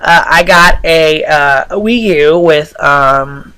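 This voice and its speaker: A man giving casual, rambling commentary over a video game, talking loosely with lots of pauses and restarts. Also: a little high, sharp tone, smooth, low-quality recording. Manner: rambling, many fillers and restarts. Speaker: gameplay commentator.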